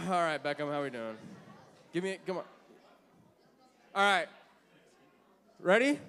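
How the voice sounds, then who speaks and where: A man hosting a party game for a church youth group, playful and teasing, now and then shouting over the room. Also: fairly high pitch, expressive, unhurried, gravelly.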